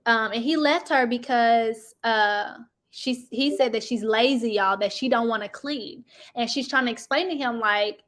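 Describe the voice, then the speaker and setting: A woman hosting casual reality TV gossip commentary, chatty and animated, talking straight to her viewers. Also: on the high side. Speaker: host.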